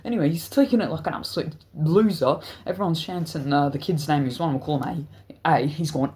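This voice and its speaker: Rambling, profane storyteller. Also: male voice, a little high, brisk, a little mellow, a little hiss or hum. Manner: rambling, profane, laughing storyteller with frequent restarts. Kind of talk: casual story narration.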